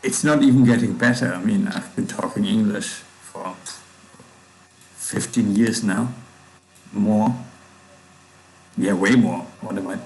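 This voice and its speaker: A man's voice: fairly low pitch, a little slow, pauses often, a little mellow, poor audio. A man with a German accent, casually thinking aloud while coding on a livestream, with hard consonants. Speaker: livestreaming programmer.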